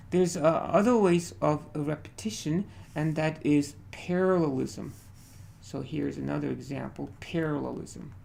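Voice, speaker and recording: A man teaching a literature class, speaking haltingly and checking in with the students after nearly every point. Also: a little high, gravelly, darkish tone. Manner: hesitant, many fillers. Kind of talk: classroom lecture.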